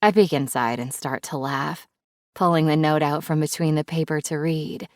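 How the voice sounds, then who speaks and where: A woman's voice: low voice, fairly even intonation, moderate pace, darkish tone, no echo, clean studio sound. A woman narrating a first-person romance audiobook in a wry, playful, intimate way.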